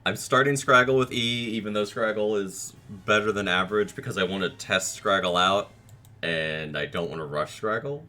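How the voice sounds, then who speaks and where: A man's voice: lowish voice, pushed and bright. A man giving casual let's play commentary on a monster-raising game, reacting with short quips and dry asides. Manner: casual, self-deprecating, reacts with quick quips. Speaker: gaming video creator.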